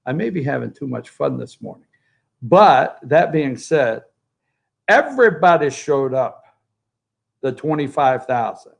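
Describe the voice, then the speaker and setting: Gravelly, sarcastic talk-show man. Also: on the high side, normal speed. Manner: sarcastic, jokey and animated. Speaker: host of a political opinion show. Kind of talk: opinionated talk-show commentary. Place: at home by a pool, remote from the studio.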